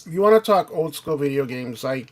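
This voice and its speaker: A man's voice: fairly high pitch, animated, brisk. Joking male host, faint background noise. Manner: joking, asks the others questions. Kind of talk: casual chat.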